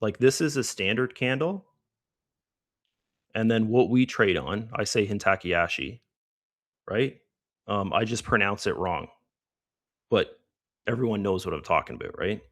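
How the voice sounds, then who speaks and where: A chatty middle-aged man talks through his trades on a live stream with a lowish voice. He keeps tossing in "right?" as he goes, and the sound is dry and close. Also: animated, normal speed, pauses often, no echo. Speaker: trading stream host. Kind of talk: live trading commentary.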